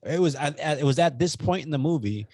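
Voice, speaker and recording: A young man co-hosting a podcast in casual chat, telling rambling, animated stories and swearing freely. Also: a little high, fast talker, dry recording. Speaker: podcast co-host.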